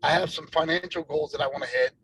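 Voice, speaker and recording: A man's voice: a little high, fast talker, a bit bright, slight background noise, poor audio. A man who leads a real estate team, talking in an upbeat, motivating way during a casual group video call.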